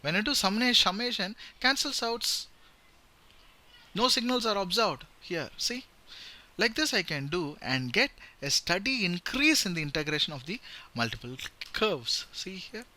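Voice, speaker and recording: A man with an Indian English accent explains an engineering topic in a casual video lesson. His voice is bright and ringing, and his pitch swings widely. He keeps asking "right?" and "okay?", and a guitar is heard at times behind him. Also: unhurried. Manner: animated, repeats with "right?" and "okay?", demonstrates high and low voice. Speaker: engineering lecturer. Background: guitar playing.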